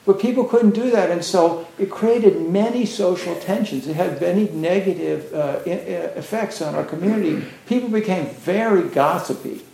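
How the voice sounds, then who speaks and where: A man's voice: sits high, normal speed, gravelly, hardly any pauses, mellow. A man giving a casual, rambling Zen dharma talk, full of "you know" fillers. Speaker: Zen teacher. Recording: roomy echo.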